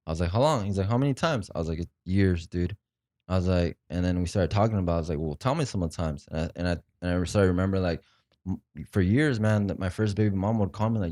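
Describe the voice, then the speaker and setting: A man's voice: sits low, fast talker, warm tone, no echo, clean studio sound. A young adult man casually telling a raw, emotional story, full of fillers and swearing. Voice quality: profane, slangy speech. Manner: rambling, emotional retelling with frequent fillers. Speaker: podcast guest.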